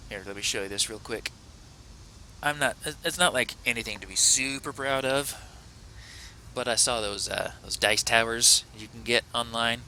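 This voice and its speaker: A man's voice: mid-range voice, moderate pace, bright, forceful tone, slight background noise, low-quality recording. A man hosting a let's play, chatting casually through the gameplay in a rambling, self-correcting, playful way.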